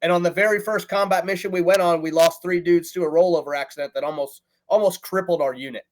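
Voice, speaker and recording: A man's voice: high voice, steady tone, quick pace, rough recording. A male veteran and author telling his unit's war story in an earnest, matter-of-fact way as a guest. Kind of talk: storytelling in casual chat.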